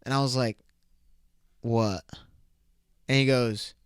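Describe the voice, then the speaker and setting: A man's voice: mid-range voice, steady tone, slow, pauses often, clear, resonant tone, no echo, studio quality. A young man hosting a solo podcast, telling stories in a crude, rambling way, swearing freely and laughing often. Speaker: podcast host. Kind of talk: casual solo podcast storytelling.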